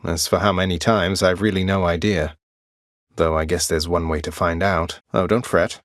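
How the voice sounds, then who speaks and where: A man's voice: sits low, steady tone, normal speed, dry recording, lightly acted. A man voicing a wry young prince. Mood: teasing. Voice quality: dry, wry and teasing. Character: young male prince of the underworld, wry and polite. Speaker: game character. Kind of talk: video game voice lines.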